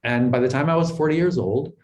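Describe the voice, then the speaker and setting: A man's voice: mid-range voice, quick pace, a little mellow, poor audio. A middle-aged man, a guest in an interview, telling his life story in an earnest, reflective way, often repeating words as he thinks. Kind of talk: conversational storytelling.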